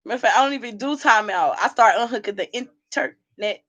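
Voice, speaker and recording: A woman hosting a casual livestream while drinking, sassy and animated as she talks back to the chat from home. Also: fairly high pitch, brisk. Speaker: livestream host.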